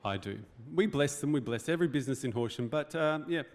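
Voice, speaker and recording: A man's voice: mid-range voice, lively intonation, fast. A man preaching a sermon as pastor, in a conversational, joking way with rhetorical questions. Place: church hall.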